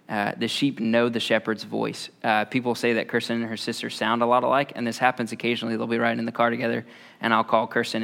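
A man in his thirties preaches in a relaxed, conversational way, often stopping on a drawn-out "uh." His voice has a gravelly fry to it. He holds a flat, steady tone with little rise and fall. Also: mid-range voice. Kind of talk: conversational sermon.

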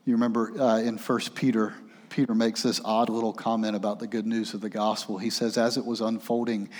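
A man preaching a sermon, swinging between urgent raised passages and hushed, quiet ones. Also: on the high side, in a large hall.

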